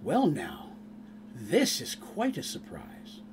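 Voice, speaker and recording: A man's voice: mid-range voice, wildly swooping pitch, a little mellow, slight background noise, voice pushed down. Man voicing a formal elven woman leader. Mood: gracious. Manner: measured, formal, gracious.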